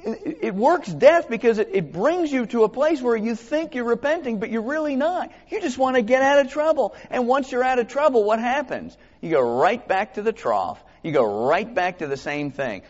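A man preaching a sermon in a slightly high voice, earnest and halting as he restarts his phrases and reads scripture aloud. His voice rings out with a long echo through a church hall. The recording is dull and lo-fi. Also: sing-song. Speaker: pastor. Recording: echoey hall, dull lo-fi sound.

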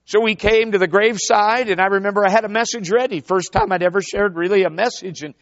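A man's voice: sits high, quick pace, no room sound. A man preaching a sermon to a congregation, telling a story and calling out to the crowd. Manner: animated storyteller, calls out to the congregation. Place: church before a congregation. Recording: dull, lo-fi sound.

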